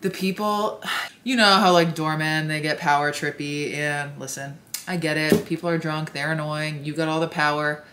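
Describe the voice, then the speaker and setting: A young woman telling a story to camera in a casual, chatty way, with lots of fillers and animated asides. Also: low voice, moderate pace, a little hiss or hum. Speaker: vlogger.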